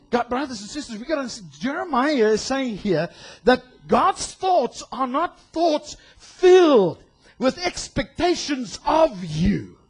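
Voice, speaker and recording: A male pastor preaching a sermon in an animated way, acting out voices and shouting for emphasis. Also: very high voice, breathy edge.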